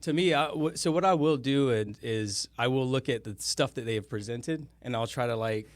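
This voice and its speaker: As a guest on a podcast, a man talks in a casual, rambling conversation, often stopping to correct himself. His voice is medium-pitched at a moderate pace, with no room sound.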